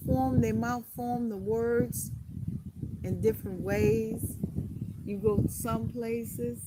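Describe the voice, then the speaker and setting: Woman on a casual phone live stream, slow and rambling, loud outdoor noise behind. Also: on the high side, lively intonation, gravelly. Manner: rambling, repeats herself, talks slowly with pauses. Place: outdoors at a beach.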